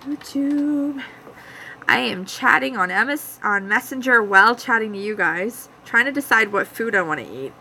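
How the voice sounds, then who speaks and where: A woman's voice: mid-range voice, animated, normal speed, few pauses, bright, forceful tone, a little hiss or hum, rough recording. A young woman from Canada with a Canadian accent, rambling casually to viewers during a live chat from her home. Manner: rambling, chatty, talks to viewers by name. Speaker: vlogger hosting a live chat.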